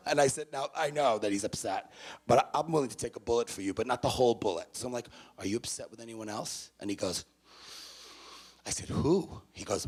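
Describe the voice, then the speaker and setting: A man with a gravelly, creaky voice at an ordinary middle pitch, addressing an audience of parents. He tells a story with animation and acts out the other voices in the conversation himself. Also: normal speed, long pauses. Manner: animated anecdote, acts out both sides of conversations. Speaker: university student affairs staff speaker. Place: university venue, in front of parents.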